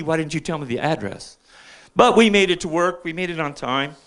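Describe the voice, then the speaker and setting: A man's voice: sits high, a bit bright. An older man doing rambling stand-up stories at an open mic on a bar stage, often checking in with the crowd. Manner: chatty, keeps checking in with the crowd.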